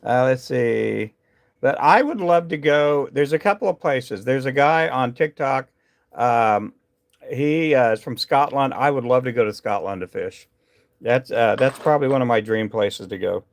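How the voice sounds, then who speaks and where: Gravelly-voiced man chatting on a live stream. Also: mid-range voice, moderate pace. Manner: rambling, chatty, many fillers and restarts. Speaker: livestream host tying fishing jigs. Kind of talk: casual live-stream chat with viewers.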